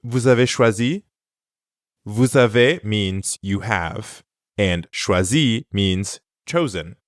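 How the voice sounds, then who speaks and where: A man co-hosting an audio language lesson, explaining words clearly and praising the listener in a scripted way. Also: on the low side, takes it slowly, no room sound, clean studio sound. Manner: clear, instructive, encouraging.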